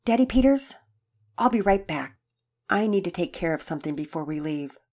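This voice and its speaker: A woman reading a storybook and voicing an earnest young boy who is eager to make things right, in a high, keen voice. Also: lively intonation, moderate pace, darkish tone.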